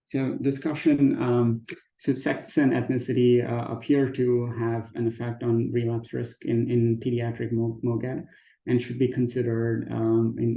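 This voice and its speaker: A man giving an academic research presentation at a conference, pausing often on fillers and restarting phrases. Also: mid-range voice, creaky, warm tone, roomy sound, low-quality recording. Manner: hesitant, frequent fillers and restarts. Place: conference talk, recorded remotely.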